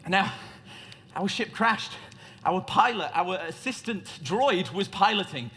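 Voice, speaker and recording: A man's voice: high voice, expressive, slow, pushed and bright. A man giving a theatrical, joking tech talk as a conference speaker in a large hall. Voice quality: playful, joking showman delivery. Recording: reverberant hall.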